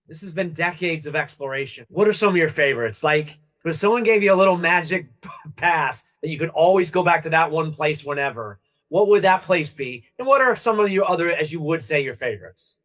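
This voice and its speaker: A man's voice: a little high, animated, fairly quick, fairly bright tone. A man hosting a podcast, asking brief, encouraging questions in a casual chat. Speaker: podcast host.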